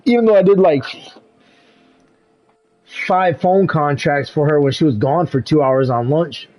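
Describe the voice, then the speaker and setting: A young man streaming a game, chatting casually and telling animated stories with frequent laughs and slang. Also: a little high, a little slow, faint music behind, low-quality recording. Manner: animated storytelling, laughs often, swears, says "bro". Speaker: gaming streamer. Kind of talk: casual live-stream chat while gaming.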